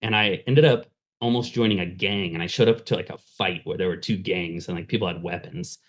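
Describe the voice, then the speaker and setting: A man's voice: deep voice, brisk. A man, a pastor, candidly telling his life story in a casual interview, with many fillers. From Southern California. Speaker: pastor and fundraising consultant, guest.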